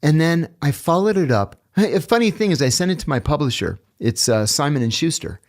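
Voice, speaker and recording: Blunt man telling animated stories. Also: on the high side, brisk. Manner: animated, blunt, profane storyteller. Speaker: guest, author. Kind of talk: casual storytelling in a podcast chat.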